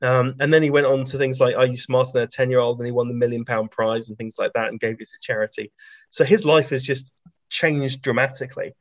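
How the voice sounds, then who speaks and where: A man spins anecdotes in loose, chatty conversation, full of ums and self-corrections. His voice sits at an ordinary pitch. The recording is dry and a little dull, like lo-fi audio. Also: fairly even intonation, fairly quick, dry recording. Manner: chatty, with many ums and restarts, laughing at his own stories. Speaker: science author and guest.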